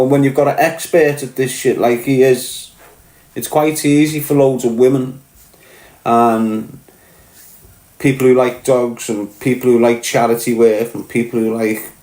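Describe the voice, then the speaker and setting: Scouse fella ranting to his podcast audience, blunt and sweary, middle pitch, bit of room echo. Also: dark tone. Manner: blunt, swearing, keeps asking "do you get what I'm saying". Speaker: podcast host. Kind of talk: casual monologue to camera.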